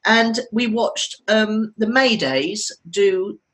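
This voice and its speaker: A woman's voice: mid-range voice, slow, low-quality recording. Woman in her 50s, podcast co-host, rambling chatty stories w lots of laughs. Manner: chatty storytelling, laughs often. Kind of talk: casual chat.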